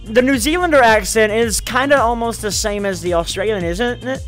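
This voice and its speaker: A man's voice: high-pitched, normal speed, a bit bright, soft background music. A man hosting a casual podcast, joking, swearing and laughing a lot with his co-hosts. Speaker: podcast host. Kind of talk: casual crude podcast banter.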